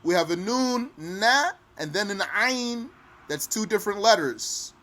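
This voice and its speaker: A man teaching pronunciation patiently, repeating each phrase slowly and sometimes chanting it. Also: high voice, lively intonation, sharp tone. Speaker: recitation teacher. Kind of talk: pronunciation lesson.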